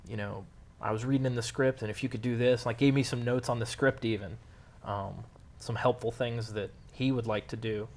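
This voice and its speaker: A man's voice: medium pitch, normal speed, hardly any pauses. Easygoing male filmmaker telling a story. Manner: relaxed storytelling with many fillers. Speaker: filmmaker interviewee. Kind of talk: casual interview answers.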